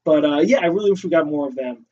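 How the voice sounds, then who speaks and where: A man co-hosting a casual movie discussion podcast, recapping scenes in a quick, chatty way. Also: a little high, lively intonation, mellow. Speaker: podcast co-host. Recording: distant, dull lo-fi recording with faint noise.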